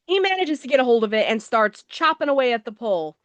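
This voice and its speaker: A woman's voice: on the high side, very animated, quick pace, no room sound. A woman co-hosting a movie review show, recapping the plot in a casual, wry, sarcastic way. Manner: sarcastic, wry, swears offhandedly.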